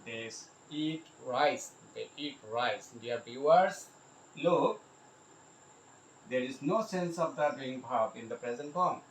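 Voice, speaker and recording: A man teaching English grammar, repeating each example sentence slowly and addressing his viewers directly. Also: mid-range voice, lively intonation, reverberant, poor audio. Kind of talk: grammar lesson.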